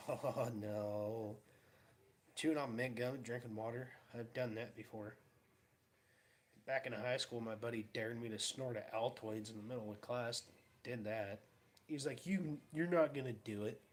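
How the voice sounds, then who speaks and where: A man's voice: medium pitch, a little slow. A young man casually telling rambling, laughing stories in his garage and acting out the quotes. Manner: rambling, laughing storyteller who acts out quotes. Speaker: vlogger. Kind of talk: casual storytelling. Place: home garage.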